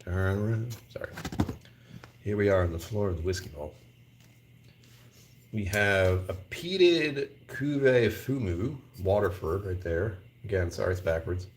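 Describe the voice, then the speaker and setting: Vlog host, male, low voice with lively swings, rambling and chuckling, faint store hum behind. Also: unhurried, pauses often. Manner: rambling, laughs often, thinks aloud. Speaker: whiskey channel host. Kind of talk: casual live vlog. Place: whiskey store aisle.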